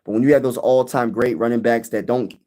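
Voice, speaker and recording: Young male sports streamer, casual, animated, talks right to his chat. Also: medium pitch, a little fast. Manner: animated, chatty, reads out and answers viewer comments. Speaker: sports channel host. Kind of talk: casual livestream sports talk.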